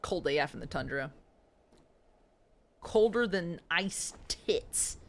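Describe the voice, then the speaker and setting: A woman's voice: fairly low pitch, lively intonation, slow pace. Playful young woman streaming a game. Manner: playful, joking, chatty with chat. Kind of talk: casual live game commentary.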